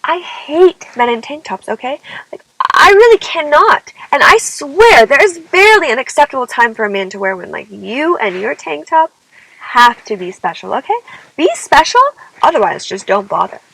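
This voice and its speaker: A woman's voice: high-pitched, big pitch swings, moderate pace, vocal fry, a bit bright, rough recording. A young woman singer telling a personal story in a dramatic, exasperated way, often saying "like" and "okay?". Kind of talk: confessional storytelling vlog.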